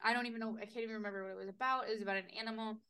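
A young woman co-hosting a casual podcast, telling stories with big swings between loud and quiet, swearing freely. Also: on the high side, steady tone, rapid-fire, over a noisy crowd. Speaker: podcast co-host. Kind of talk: casual chat.

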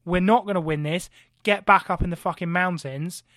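A man voicing a calm, shrewd male Roman dictator who talks bluntly and swears casually. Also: high voice, normal speed, dry recording, studio quality. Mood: dismissive. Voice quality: blunt, matter-of-fact, sweary.

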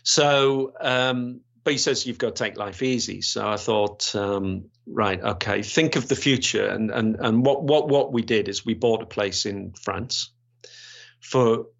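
A man's voice: fairly low pitch, a little slow, creaky. Man in his sixties, rambling, restarts and fillers, retired police officer, dull lo-fi sound. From Gateshead, England. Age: 60s. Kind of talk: storytelling interview.

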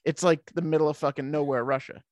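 A man's voice: fairly high pitch, fairly even intonation, quick pace, no echo. Blunt, sardonic man in casual chat. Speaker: podcast co-host.

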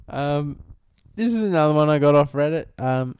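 A young man with a smooth, clean voice, trading crude jokes on a podcast. He sounds laid-back and sweary, recorded close and dry with no room sound. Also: fairly high pitch, animated, moderate pace, hardly any pauses, a little mellow, no echo. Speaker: podcast co-host. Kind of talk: casual crude banter.

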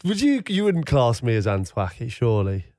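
A man co-hosting a casual podcast chat, wry and mock-offended, talking in an animated way. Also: mid-range voice, normal speed, dry recording, clean studio sound. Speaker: podcast co-host.

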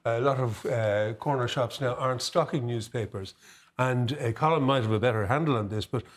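A man on a TV panel talks in a wry, conversational way. His voice sits at an ordinary pitch for a man. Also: brisk.

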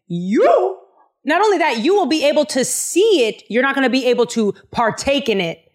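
A woman's voice: medium pitch, expressive, normal speed, close to an everyday voice. A woman doing a blunt, sure male prophet. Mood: confident. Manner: casual slangy modern paraphrase.

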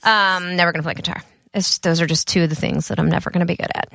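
A woman's voice: lowish voice, steady tone, quick pace, vocal fry, a bit bright, no room sound. Chatty, self-deprecating woman on a podcast. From US East Coast. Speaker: podcast guest. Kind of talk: casual chat.

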